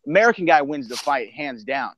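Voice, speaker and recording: A man's voice: a little high, lively intonation, brisk, fairly bright tone. A male radio host from Texas arguing sports and music in an emphatic, opinionated way, telling stories to make his point. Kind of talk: casual sports and pop-culture debate. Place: radio studio.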